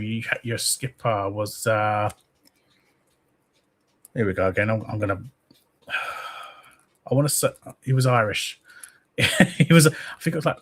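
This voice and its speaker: A man's voice: lowish voice, a bit bright. A man hosting a casual live football fan stream, rambling and reading viewer comments aloud. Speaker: host of a football fan channel.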